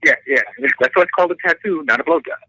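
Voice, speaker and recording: A middle-aged man, a tattoo artist, telling a story in casual podcast talk, animated and profane, acting out the people in it. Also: on the high side, very fast, dry recording, low-quality recording. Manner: animated, profane, acts out voices in stories.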